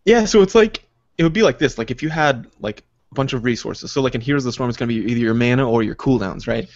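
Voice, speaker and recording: A man's voice: mid-range voice, lively intonation, quick pace, dry recording, highs cut off. A man co-hosting a podcast, chatting casually in a rambling way, laughing often and swearing freely. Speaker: podcast co-host. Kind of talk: casual chat.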